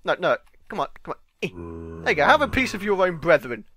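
A British man giving excitable let's-play commentary, yelling and pleading at game mobs and bantering with the creatures. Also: high voice, brisk, no room sound. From Britain. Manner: jokey running chatter with game creatures. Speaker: gaming channel host.

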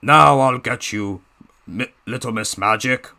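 A man voicing a scheming villainous male diesel engine with a put-on Russian accent, slow, gravelly and menacing. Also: medium pitch, sharp tone. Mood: menacing taunting.

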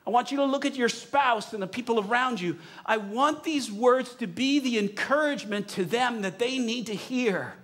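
A male pastor preaching in a church with a notably high voice. He urges his congregation to speak along with him, stretching out key phrases and pressing hard on each one. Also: fairly bright tone. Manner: leads the congregation in a call-and-response recitation; emphatic, urging, drawn-out phrasing. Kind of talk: sermon. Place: church sanctuary.

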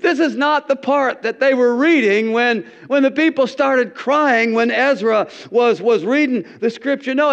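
A middle-aged male pastor preaching a sermon in an animated, folksy storytelling manner with repeated restarts. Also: extremely high pitch. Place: church. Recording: dull lo-fi recording.

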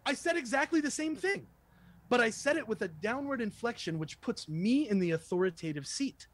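A man who works as a sales trainer, giving a lively, conversational lesson and acting out sample phone calls. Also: very high-pitched, normal speed. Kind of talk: casual instructional talk with role-played calls.

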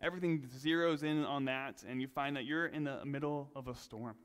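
A male pastor preaching a sermon in a relaxed, conversational way, with self-deprecating asides. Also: medium pitch, brisk, clean tone, in a large hall. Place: church sanctuary.

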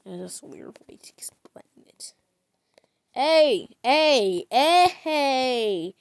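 Very slow-talking woman streamer, high voice. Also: no echo. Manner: chatty, with sudden loud excited outbursts. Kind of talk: gaming livestream commentary.

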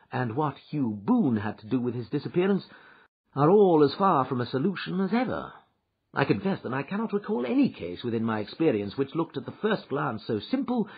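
A man reading a classic story aloud in a measured storytelling manner, as audiobook narrator. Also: mid-range voice, breathy edge. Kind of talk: scripted narration. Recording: dull lo-fi recording.

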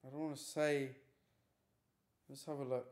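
Speaking in a mid-range, slightly mellow voice with a level tone, a man hangs out on a live stream, reading chat messages and answering questions with ease. He's talkative and laid-back, brushing off teasing quickly.

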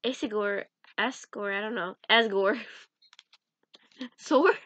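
A woman's voice: medium pitch, takes it slowly, a bit bright, no echo. A young woman chatting casually in a vlog as she sorts through cards, giggling and mumbling names to herself. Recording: dull lo-fi sound.

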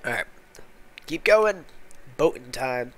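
A man with a mid-range, slightly bright voice speaks slowly but with animation over his gameplay for his gaming channel. Casual and exasperated, he swears all the time and mutters complaints as things fall apart, all unscripted and loose.

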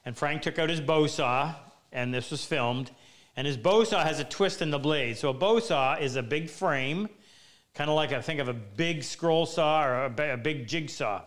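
A man hosts a live woodworking Q&A, pitched a little high, with a smooth, resonant tone. He talks casually and pokes fun at himself, drifting from one anecdote to the next. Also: normal speed, a bit bright. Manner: chatty, self-deprecating, meandering anecdotes. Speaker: woodworking teacher and show host. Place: woodworking workshop.

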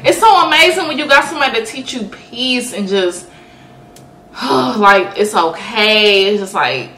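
A woman in her twenties chatting casually on a vlog, lively and swearing freely as she acts out what people said. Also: fairly high pitch, measured pace, slight background noise. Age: 20s. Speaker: vlog guest, girlfriend. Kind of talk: casual chat. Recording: echoey room with music behind.

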